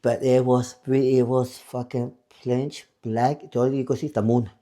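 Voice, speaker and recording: A man's voice: medium pitch, level tone, moderate pace, mellow. A middle-aged man co-hosting a podcast, telling a ghost story in casual, profane chat that slips into Spanish. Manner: profane, mixes Spanish into English. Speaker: podcast co-host.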